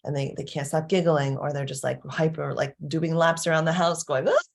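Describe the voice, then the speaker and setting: A woman's voice: deep voice, flat delivery, a little fast, creaky. A woman giving a casual parenting lesson in a chatty way, laughing often and checking in with her listeners. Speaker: parenting coach. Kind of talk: casual teaching talk.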